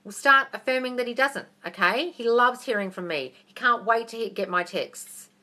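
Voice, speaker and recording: A woman's voice: a little high, normal speed, sharp tone. A woman in her thirties with an Australian accent, answering viewer questions on a livestream in a blunt, profane way and calling listeners darling. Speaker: manifestation coach.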